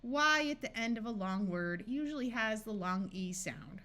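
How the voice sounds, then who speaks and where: A woman teaching a phonics lesson, reading words slowly and clearly one by one. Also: mid-range voice, expressive, bright, forceful tone. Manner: slow, clearly enunciated word-by-word reading. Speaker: phonics tutor. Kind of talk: scripted phonics lesson narration.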